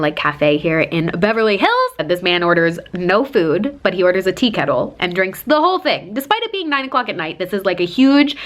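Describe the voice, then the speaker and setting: A woman's voice: on the low side, a bit bright. A young woman in her twenties telling a chatty storytime, full of likes and quoting people in put-on voices. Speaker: lifestyle vlogger. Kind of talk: casual storytime.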